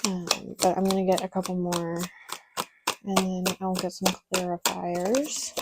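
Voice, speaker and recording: A woman's voice: lowish voice, monotone, unhurried, very noisy. A young woman doing a casual, chatty tarot reading, candid and a little exasperated, with frequent ums and laughs. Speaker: tarot reader.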